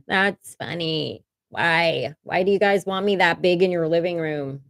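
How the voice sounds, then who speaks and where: Woman, livestream host at home; low-ish, dry, candid and chatty. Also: slow pace, creaky, fairly bright tone, no echo. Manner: candid and chatty, swears casually, laughs often. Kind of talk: casual livestream chat. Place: home room. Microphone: desk microphone.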